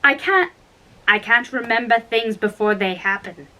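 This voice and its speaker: A woman's voice: a little high, measured pace, pushed and bright, poor audio. A woman reading aloud and voicing Alice, a polite and curious young girl, in a raised, earnest voice with slips and restarts. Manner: earnest, questioning. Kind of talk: storybook reading.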